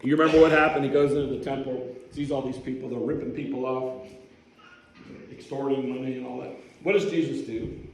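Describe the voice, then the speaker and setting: A man's voice: mid-range voice, fairly even intonation, a little fast, echoey room, slight background noise, rough recording. A man preaching a sermon as a pastor, telling the story in a conversational way and putting questions to the congregation. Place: church sanctuary.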